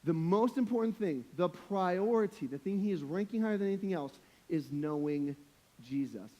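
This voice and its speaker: A man's voice: high-pitched, expressive, moderate pace, mellow. A young adult man preaching a sermon as a pastor, in a casual, slangy, conversational way with humorous, emphatic points.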